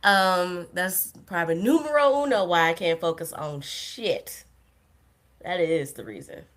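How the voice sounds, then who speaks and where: A woman's voice: on the low side, lively intonation, unhurried. A young woman hosting a podcast livestream, chatting casually and rambling through tangents with self-deprecating humor and frequent laughs. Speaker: podcast host. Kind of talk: casual solo livestream chat.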